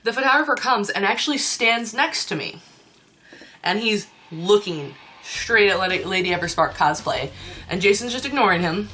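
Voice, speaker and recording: A woman's voice: medium pitch, expressive, moderate pace, pushed and bright, a little hiss or hum. A young woman telling a story in a casual vlog, chatty and ranting with laughs. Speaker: cosplayer and convention staff.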